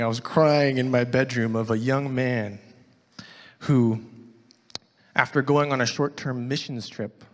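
A man preaching a sermon and reading scripture aloud, moving between loud, emphatic lines and hushed, near-whispered ones. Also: mid-range voice, big-room sound. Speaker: pastor.

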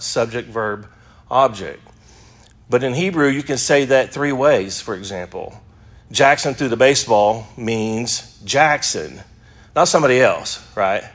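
A man's voice: medium pitch, fairly bright tone. A man teaching an adult Sunday school class, talking conversationally with fillers and restarts and stressing key words with sudden emphasis.

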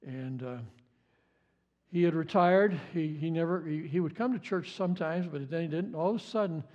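Male pastor, higher voice, passionate preacher who stammers and repeats. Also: normal speed, a little mellow, dull audio. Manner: impassioned, repeats words, stammers on restarts. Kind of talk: sermon.

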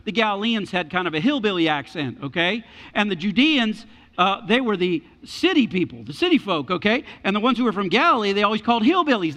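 Animated high-voiced male preacher. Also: long reverb tail. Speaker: pastor. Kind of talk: sermon.

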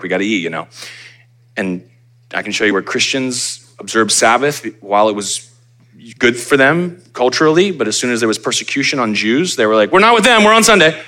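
An American pastor preaches a sermon in a conversational, animated way, acting out little asides for his congregation. His voice sits lowish.

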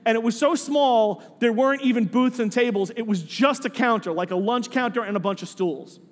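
A man tells a story as part of a sermon and brings the people in it to life. His voice is unusually high for a man, and he often repeats words. A long echo from a large hall trails his speech. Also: brisk. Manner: animated storyteller, voicing characters, repeating words.

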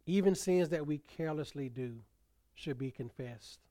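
A man's voice: a little high, moderate pace, no echo. Preaching man with a dry, close voice. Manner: preaching with rising emphasis and soft, trailing phrase endings. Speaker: pastor. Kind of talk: sermon.

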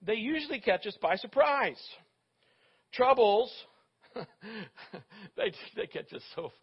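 A male pastor delivers a sermon in a relaxed, conversational way, tossing jokes and questions to his congregation. His voice sits fairly high for a man. The recording is dull and muffled. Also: slow, husky. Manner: conversational, joking asides to the congregation.

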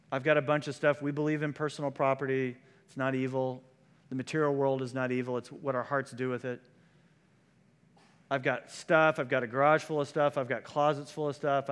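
A man's voice: mid-range voice, a bit bright, smooth. A man preaching a sermon as pastor, in a conversational style that moves into quoted voices. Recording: long hall reverb.

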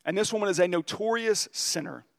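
A pastor giving an earnest, conversational sermon. He tells stories in a confessional way and slows down to stress key lines. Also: high voice, gravelly.

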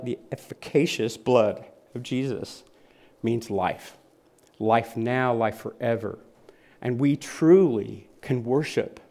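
A man's voice: medium pitch, a little mellow. A man preaching a sermon in an earnest, vivid manner, often repeating phrases for weight.

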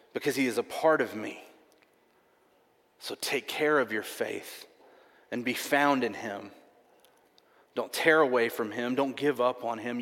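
A man voicing God, speaking softly and half-whispered in a reverberant hall. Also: medium pitch. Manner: soft, hushed, half-whispered. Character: God speaking gently to believers. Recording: long reverb of a large hall.

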